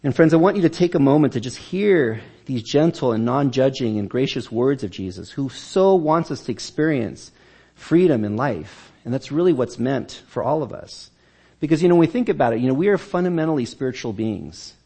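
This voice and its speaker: A man's voice: medium pitch, lively intonation, brisk, warm tone, slightly rough. A man preaching a sermon as pastor of a church, talking in a conversational way and often repeating and restarting words.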